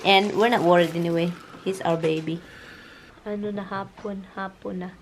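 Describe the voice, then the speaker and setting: A Filipino-accented woman vlogging casually at home, chatty and quick to laugh, with non-native grammar. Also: on the low side, steady tone, noisy background. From Philippines. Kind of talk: casual home vlog chat.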